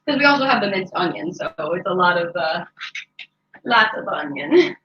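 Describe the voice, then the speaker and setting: A woman's voice: fairly low pitch, very animated, normal speed. A woman hosting a cooking show, chatting casually and joking as she works through a recipe in her home kitchen, with a lot of "like" in her speech. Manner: chatty, jokey, peppered with "like". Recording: echoey, slightly dull home recording.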